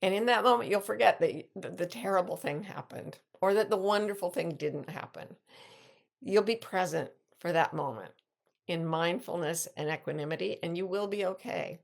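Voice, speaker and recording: An older woman hosting a reflective casual talk, telling stories in an animated way and often restarting mid-sentence. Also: on the low side, moderate pace, creaky. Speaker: podcast host and life coach.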